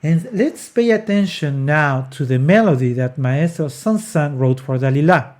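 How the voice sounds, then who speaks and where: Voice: medium pitch, moderate pace, darkish tone. An opera singing coach explaining an aria phrase by phrase, speaking carefully, restarting words, and breaking into short sung syllables to show the phrasing. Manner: sings short demonstration syllables between explanations.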